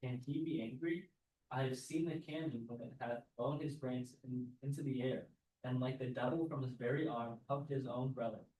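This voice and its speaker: A man's voice: medium pitch, steady tone, moderate pace, dark tone, echoey room, lightly acted, poor audio. A man student reading a scheming male soldier's lines aloud in class, plain and unpolished. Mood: puzzled.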